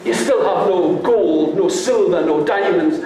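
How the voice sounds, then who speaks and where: A man's voice: sits high, measured pace, warm tone, slight background noise. A man voicing a proud village father from a folk tale, blustering and scornful. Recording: echoey room.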